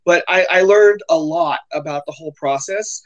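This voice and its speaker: A high-pitched man hosts a casual online group call, stumbling and repeating words as he explains. His voice sounds worn after a recent illness. He talks through a computer mic on the call. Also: lo-fi sound. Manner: halting, repeats words, offers help eagerly. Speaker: host.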